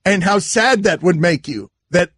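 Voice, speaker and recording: A sports radio host with a fairly high voice, talking close to a dry studio mic. He rambles and riffs loosely, laughing as he builds on his own ideas. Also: animated, measured pace, fairly bright tone, husky, no echo. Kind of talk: casual sports radio banter.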